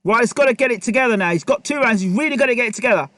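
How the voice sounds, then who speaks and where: A man giving live play-by-play boxing commentary, excitable and repetitive, often calling out to the fighters. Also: very high voice, very fast, dry recording.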